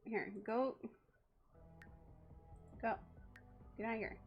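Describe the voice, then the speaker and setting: A young adult woman streaming a game live, reacting excitably, laughing often and talking to her chat. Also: fairly high pitch, slow pace, lo-fi sound, faint music behind.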